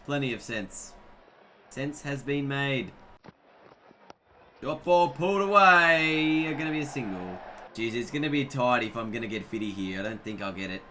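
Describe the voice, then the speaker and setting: A man's voice: mid-range voice, bright, forceful tone, a little hiss or hum. A young man giving chatty, self-mocking commentary on his own gameplay. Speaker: gaming YouTuber.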